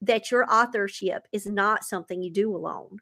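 A woman's voice: medium pitch, moderate pace, pushed and bright. A woman hosting a casual interview, effusive and encouraging, full of praise for her guest. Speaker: interviewer host.

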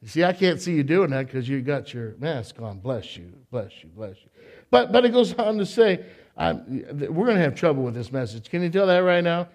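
A man preaching a sermon to a congregation in church, animated, repeating his words and tossing in joking asides. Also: fairly high pitch, moderate pace. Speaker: pastor.

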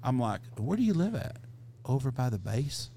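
A middle-aged man hosts a casual podcast and tells a crude story full of swearing. His voice is gravelly, and his pitch swings widely as he talks. A faint hiss sits under the recording. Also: moderate pace. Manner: profane, animated anecdote-telling. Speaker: podcast host.

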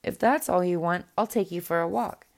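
A woman voicing a fond, gentle young princess in a storybook reading, speaking softly and affectionately. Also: lowish voice, moderate pace, natural voice.

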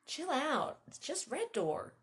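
A woman's voice: extremely high pitch, huge pitch swings, slow, a bit bright, pitched above the performer's own voice, full character voice. A woman voicing a carefree young woman friend who coaxes and teases in a breezy way. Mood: teasing. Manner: breezy, coaxing.

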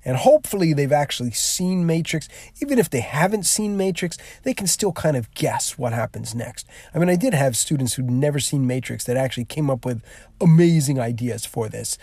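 A man explaining a classroom activity, rambling and full of restarts. His voice is mellow and dark. The recording is dry and close. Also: on the high side, animated, fairly quick, slightly rough, no echo. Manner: rambling, many fillers and restarts. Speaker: teacher.

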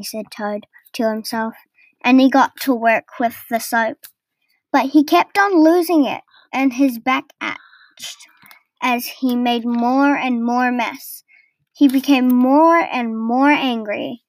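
Brief: female storyteller, high voice, unhurried reading of a children's story. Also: no echo. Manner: gentle, deliberate storybook reading.

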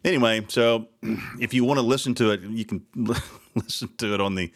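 A man's voice: lowish voice, moderate pace. A man hosting local talk radio, venting in an exasperated, sarcastic ramble. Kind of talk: casual talk radio monologue.

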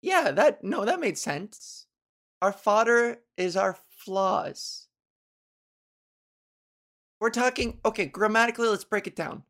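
A woman's voice: medium pitch, animated, slow pace, long pauses, fairly bright tone. A woman hosting her own podcast in casual solo chat, rambling and self-mocking and laughing at her own jokes, speaking into a microphone. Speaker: podcast host. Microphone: studio microphone.

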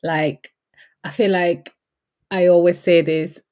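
Woman, podcast host, somewhat low voice, frank relatable chat. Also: steady tone, slow pace, dark tone, lo-fi sound. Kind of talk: casual conversation.

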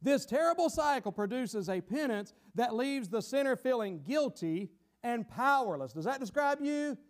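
A man preaching a sermon in a dramatic style, acting out the voices of a guilty sinner and sometimes shouting for emphasis. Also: very high-pitched, sing-song, normal speed.

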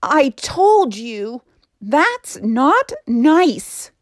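Storybook ferret, young male, earnest and kind, a woman voicing him, lively lilt, dry sound. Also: high-pitched, drawn-out words, no echo, pitched above the performer's own voice, heavily acted. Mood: hurt.

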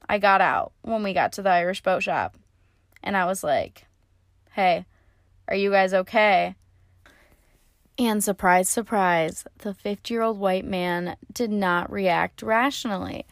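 A woman's voice: mid-range voice, expressive, unhurried, dry recording, clean studio sound. A young woman casually telling a story in a chatty, sarcastic way, swearing freely. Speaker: vlogger.

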